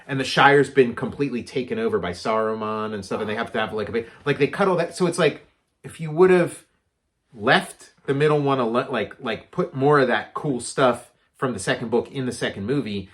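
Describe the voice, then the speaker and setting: A man's voice: medium pitch, fairly bright tone. A man co-hosting a casual chat about movies, rambling with lots of filler words. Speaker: podcast co-host.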